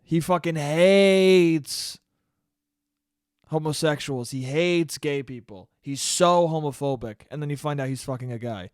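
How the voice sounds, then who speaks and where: A young man with a somewhat high voice talks straight into a close mic in a dry, deadened room. He hosts a solo podcast, rambling through stories in a loose, animated way. Swearing comes often and casually. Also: unhurried, clear, resonant tone, no room sound. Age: young adult. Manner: profane, animated storytelling. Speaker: podcast host.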